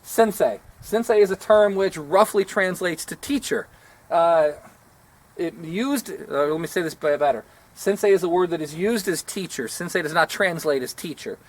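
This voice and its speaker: This man's voice sits high and moves at a normal speed. He's a martial arts instructor giving a rambling, self-deprecating lesson outdoors, in a casual instructional style.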